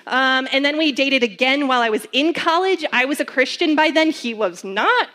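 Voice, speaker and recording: A woman's voice: on the high side, a bit bright. A young woman giving a personal testimony sermon as a campus minister, telling her story earnestly with many fillers.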